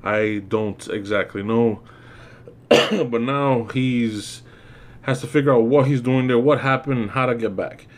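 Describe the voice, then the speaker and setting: A man's voice: mid-range voice, measured pace. A man giving a casual spoken film review, rambling and stumbling over repeated words as he recaps the plot. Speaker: movie reviewer.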